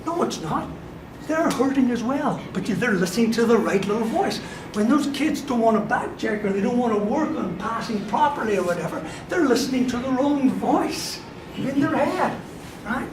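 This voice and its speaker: A sports psychology speaker gives an animated motivational talk to a live audience at a moderate pace. His high voice swings widely as he laughs and acts out quoted voices, recorded from far off in an echoey hall with a clear hum of room noise.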